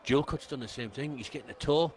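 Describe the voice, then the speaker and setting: A man's voice: mid-range voice, fast talker, darkish tone, faint music behind. A man co-commentating a sim race stream, bantering and quizzing viewers on racing trivia. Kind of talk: casual live-stream commentary.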